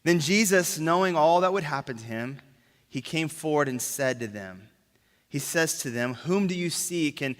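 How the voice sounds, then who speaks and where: A man pastor preaching a sermon, emphatic, dropping to a hush on key words and asking rhetorical questions. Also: a little high, lively intonation, moderate pace. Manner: asks the crowd rhetorical questions. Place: church sanctuary. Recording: long reverb of a church hall.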